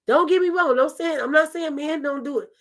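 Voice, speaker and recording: Sassy high-voiced woman host. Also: brisk, a bit bright. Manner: sassy, emphatic, calls listeners baby. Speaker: talk show host. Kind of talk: candid opinion talk.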